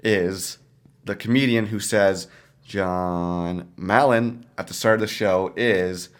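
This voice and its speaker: A man's voice: low-pitched, steady tone, slow. A man co-hosting a podcast, telling stories in casual chat full of fillers and restarts. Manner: rambling storyteller, frequent fillers and restarts. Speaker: podcast co-host.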